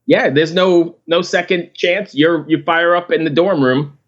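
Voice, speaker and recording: Laughing male podcast host, dull lo-fi sound. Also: on the high side. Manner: relaxed, quick to laugh and agree. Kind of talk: casual chat.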